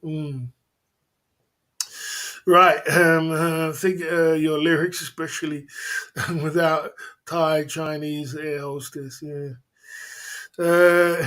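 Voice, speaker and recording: A man hosting a casual livestream, telling stories in a chatty way, laughing often and giving shout-outs to viewers. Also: fairly high pitch. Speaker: livestream host.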